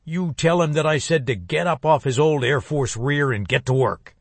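A man's voice: on the high side, normal speed, no echo, pitched above the performer's own voice. A man doing a wry small-town shopkeeper woman. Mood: wry teasing. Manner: dry, teasing gossip. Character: older rural woman shopkeeper, wry and chatty.

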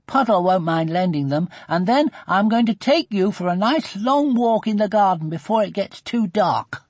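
Man voicing a bossy little girl, high eager storybook voice, husky edge, dry close sound. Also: animated, moderate pace, dry recording. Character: earnest, bossy young girl. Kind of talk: storybook read-aloud.

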